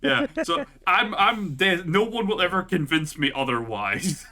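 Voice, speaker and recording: A man's voice: sits high, lively intonation, measured pace, bright, forceful tone. A Scottish man co-hosting a podcast in casual chat, talking loosely with lots of fillers and frequent laughter. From Scotland. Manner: chatty, laughs often, heavy use of "like". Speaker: podcast co-host.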